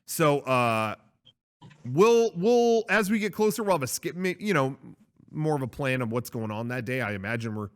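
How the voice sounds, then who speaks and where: A man's voice: medium pitch, animated, moderate pace. A man co-hosting a casual chat show, rambling with lots of fillers and restarts. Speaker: podcast co-host.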